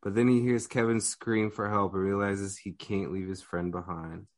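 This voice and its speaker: A man's voice: fairly low pitch, flat delivery, moderate pace. A man guesting on a horror podcast, laid-back as he sums up a movie. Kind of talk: casual horror podcast chat.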